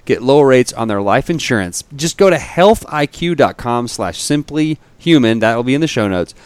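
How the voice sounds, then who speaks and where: A man's voice: mid-range voice, lively intonation, normal speed, clean tone, no room sound. A man hosting a podcast, reading a sponsor message and telling jokes in a loose, rambling way full of "like". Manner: loose, rambling, many "like" fillers. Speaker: podcast host. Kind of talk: casual chat, sponsor read.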